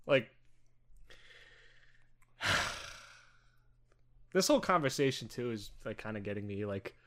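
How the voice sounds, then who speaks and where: A man's voice: on the low side, expressive, takes it slowly, a bit bright. A young man co-hosting a podcast in casual chat, rambling with lots of fillers and frequent swearing. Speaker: podcast co-host.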